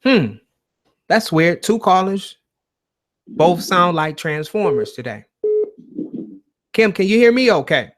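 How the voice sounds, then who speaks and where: Male call-in host, casual, blunt, a little high-pitched. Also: animated, slow pace, pauses often, a bit bright. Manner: loose, blunt, swears casually.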